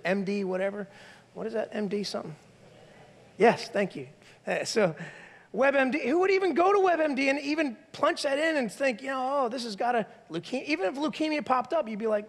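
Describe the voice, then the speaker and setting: A male pastor with a high voice delivers a lively, conversational sermon, slipping into the voices of the people he quotes. His words ring out with a long reverb from the church hall. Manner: animated, conversational preaching, acts out quoted voices. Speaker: lead pastor. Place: church sanctuary.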